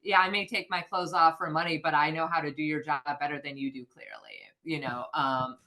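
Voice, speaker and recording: A young woman from the Midwest, a podcast guest on a video call, telling a story with animated, profane quoting of herself. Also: deep voice, brisk. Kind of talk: storytelling in casual chat.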